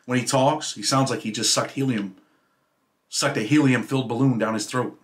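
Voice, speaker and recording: A man reading aloud from his own memoir about prison life, in a steady storytelling way. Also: mid-range voice, moderate pace, slight background noise. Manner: steady storytelling read, dropping quieter at sentence ends.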